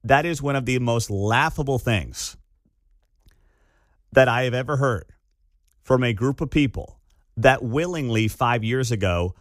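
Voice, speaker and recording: A man's voice: medium pitch, a little slow, pauses often, no echo. A man hosting a talk radio show, delivering an opinionated monologue with an incredulous, sarcastic edge. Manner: incredulous, sarcastic, laughs at the absurdity. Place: radio studio. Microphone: studio microphone.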